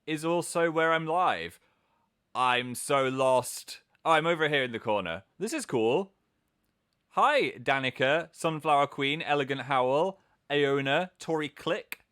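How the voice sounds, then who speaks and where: Casual live-stream host, male, self-mocking and chatty, bright tone, recorded at home on a webcam mic. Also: fairly high pitch. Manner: playful, self-mocking, reads out viewer comments.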